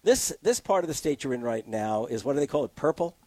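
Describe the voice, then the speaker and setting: Man, talk-show guest, argumentative and animated, dry booth sound. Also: medium pitch, no room sound. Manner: animated, argumentative, quick to laugh. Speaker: political commentator guest. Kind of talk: casual political discussion. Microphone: close studio mic.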